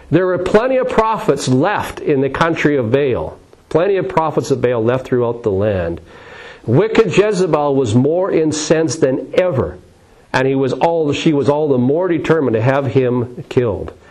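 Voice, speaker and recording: A man's voice: medium pitch, darkish tone, poor audio. A man preaching a sermon in a dramatic style, repeating phrases with rising and falling emphasis.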